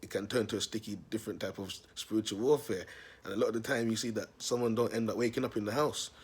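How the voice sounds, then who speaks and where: A young man telling a story in a casual vlog, animated and slangy, laughing often. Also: lowish voice, fast talker, slightly rough. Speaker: self-styled prophet vlogger.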